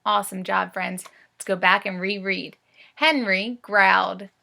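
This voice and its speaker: A woman teaching first graders to read, slowly sounding out words in a coaxing voice. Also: medium pitch, steady tone, gravelly, pushed and bright. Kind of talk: phonics read-aloud lesson.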